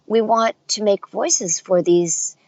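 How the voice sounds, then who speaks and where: A woman's voice: medium pitch, slow, no room sound, muffled recording. A middle-aged woman voice actor and dialect coach telling stories in a casual interview, acting out the voices she quotes. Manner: animated storyteller, acts out quoted voices.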